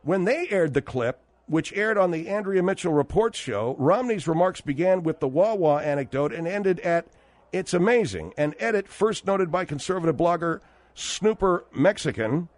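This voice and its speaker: A man hosting a talk radio show, speaking haltingly with many fillers and restarts as he reads and comments. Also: on the high side, lively intonation. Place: radio studio.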